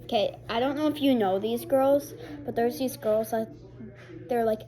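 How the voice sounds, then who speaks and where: With a TV playing behind her, a young woman chats through a casual home vlog, showing her belongings and using lots of fillers. Her voice is fairly high-pitched and warm, at a normal speed.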